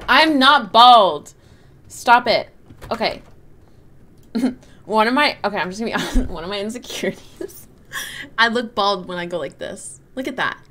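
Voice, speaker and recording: A woman's voice: mid-range voice, normal speed, a bit bright. A woman streamer chatting casually with her viewers while she plays a game. She keeps breaking into helpless giggles. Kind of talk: casual live gameplay chat with viewers. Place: her bedroom at home.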